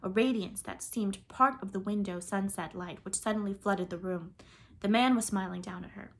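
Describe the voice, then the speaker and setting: A woman's voice: mid-range voice, normal speed, fairly bright tone, a little hiss or hum. Woman reading a classic storybook aloud. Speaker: audiobook reader. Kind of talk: storybook narration.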